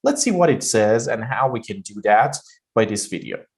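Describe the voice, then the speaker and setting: A man teaching pronunciation in a deliberate way, repeating phrases to show how the voice rises and falls. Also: fairly low pitch, expressive, gravelly. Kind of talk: slow spoken lesson.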